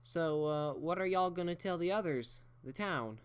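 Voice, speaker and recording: A man's voice: on the high side, moderate pace, clean tone, pitched above the performer's own voice, natural voice. Man doing a folksy farm pony mare. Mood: friendly.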